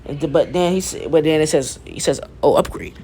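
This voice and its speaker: A man's voice: on the high side, fast talker, warm tone. Stammering young man retelling a fan story. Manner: stammering restarts, profane slang, laughs at himself. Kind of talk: casual fan-fiction retelling.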